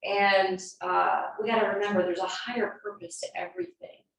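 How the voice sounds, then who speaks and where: A woman's voice: medium pitch, moderate pace, vocal fry. A middle-aged woman, a yoga teacher, giving a chatty, meandering talk before class with frequent ums and uhs. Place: large yoga studio. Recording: echoey studio from a distance, faint noise.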